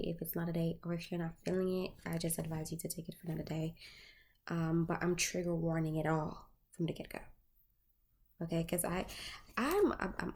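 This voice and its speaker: A woman's voice: on the low side, a little mellow. A woman tarot reader chatting casually to her viewers, candid and profane, full of filler words.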